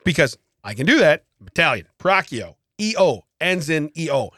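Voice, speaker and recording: A man co-hosting a casual podcast chat, telling a story in an animated way with frequent laughs, recorded in a podcast studio. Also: fairly high pitch, normal speed, no room sound. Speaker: podcast co-host.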